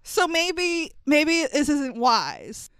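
A young woman with a high, bright-pitched voice riffs sarcastically on a movie with constant disbelief, swearing and laughing as she goes. The sound is close and dry, with no room around it. Her delivery is loose and conversational. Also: sing-song, extremely slow, no room sound. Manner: sarcastic, incredulous, swears freely, laughs often. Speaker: podcast co-host. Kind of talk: casual comedic movie recap.

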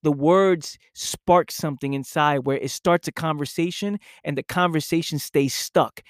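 A man hosting his own podcast, talking slowly and deliberately in a reflective monologue, often repeating phrases for emphasis. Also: on the high side, no room sound, studio quality. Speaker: podcast host, personal coach.

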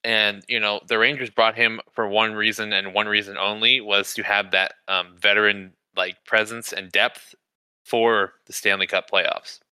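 A man co-hosting a casual sports podcast, talking in a profane, animated way and saying "you know" and "bro" a lot. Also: on the low side, normal speed, clean tone, no echo, rough recording. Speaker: podcast co-host.

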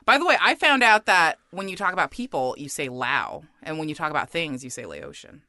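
A man co-hosting a podcast, chatting casually, teasing the others and explaining in quick bursts. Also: a little high, very animated, pushed and bright, no echo, clean studio sound. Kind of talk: casual chat.

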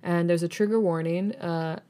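A woman podcast host reading fan fiction aloud, chatty and relaxed, with small stumbles as she goes. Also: lowish voice, moderate pace.

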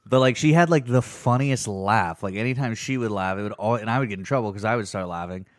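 A man's voice: fairly low pitch, fast talker, dry recording, clean studio sound. A man co-hosting a comedy podcast, talking in a rambling, self-deprecating way. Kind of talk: casual chat.

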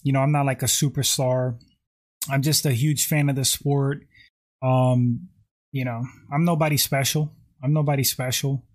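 A man hosting a casual livestream, reading viewer comments aloud and answering them. He rambles, leans on "like" and "you know" a lot, and keeps clearing his throat. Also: mid-range voice, level tone, normal speed. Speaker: YouTube livestream host.

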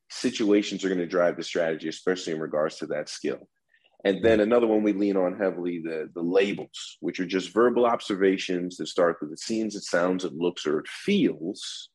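A man's voice: deep voice, normal speed, darkish tone, husky, low-quality recording. A man who teaches negotiation, explaining his methods as an interview guest and often restarting with repeated words. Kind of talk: instructive interview talk.

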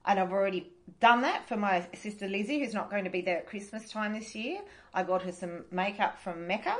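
Australian female podcast co-host, mid-pitched voice, deadpan and cheeky delivery. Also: fairly quick. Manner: dry, irreverent, swears casually. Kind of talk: casual chat.

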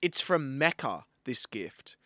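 A man's voice: medium pitch, slow, dry recording, studio quality. An Australian man co-hosting a podcast, ranting with lots of swearing in casual chat. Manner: animated, profane ranting. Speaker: podcast co-host.

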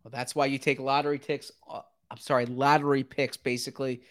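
A man calling football play-by-play in a brisk, running commentary style that climbs quickly when big plays happen. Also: medium pitch, dry recording, studio quality. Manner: brisk, rising sharply with excitement at big plays. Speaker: play-by-play announcer.

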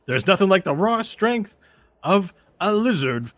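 A man's voice: sits high, very animated, a little slow, fairly bright tone, no room sound, voice pushed up, heavily acted. A man voicing a showy male arena announcer in a tabletop game, grand and theatrical. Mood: grandiose. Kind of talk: tabletop role-play voicing.

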